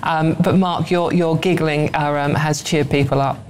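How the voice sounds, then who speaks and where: A woman co-hosting a talk show, with a notably low voice. She is chatty and bubbly, and a faint hiss of noise sits behind her. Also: steady tone, a little mellow. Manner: chatty, bubbly, quick to gasp and laugh. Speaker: co-host. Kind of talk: casual studio chat.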